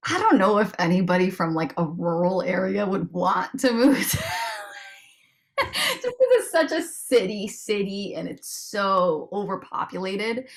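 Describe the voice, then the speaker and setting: A woman's voice: medium pitch, expressive, a little slow. A woman from Rhode Island with a neutral American accent, chatting as a guest on a video call, giggly and full of fillers. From Rhode Island, USA. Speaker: guest musician. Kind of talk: casual interview chat.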